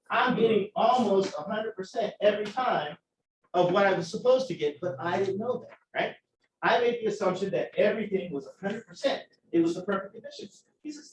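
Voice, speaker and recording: Man, chemistry lecturer, profane, animated, echoey room, distant mic. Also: sits high, moderate pace, a little hiss or hum. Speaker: chemistry instructor. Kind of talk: classroom lecture storytelling. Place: classroom.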